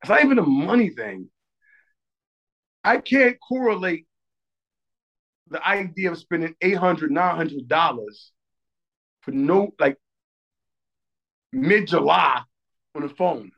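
Gravelly high-voiced animated man. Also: slow pace, long pauses, dull audio. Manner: animated, profane storytelling, acting out other people's lines. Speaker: podcast co-host. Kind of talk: casual chat.

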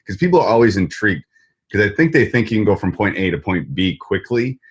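Man, Wisconsin accent, low husky voice, rambling casual podcast host, many restarts. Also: very animated, quick pace, lo-fi sound. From Wisconsin, US Midwest. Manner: rambling, restarts and repeats words. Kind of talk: casual interview chat. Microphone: desk mic.

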